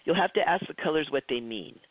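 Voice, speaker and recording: A man's voice: on the high side, expressive, fast, no room sound. Chatty man teaching over a tinny line. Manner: chatty, acts out quoted dialogue, frequent restarts. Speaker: psychic development instructor. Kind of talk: recorded class lecture. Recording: tinny phone-like lo-fi, dry.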